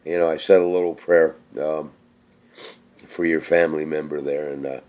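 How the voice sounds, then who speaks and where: A man's voice: rumbling low, fairly even intonation, moderate pace, darkish tone. A middle-aged man chatting casually on his vlog, rambling with many fillers and slightly slurred speech. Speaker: vlogger. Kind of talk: casual cooking chat and viewer shout-outs.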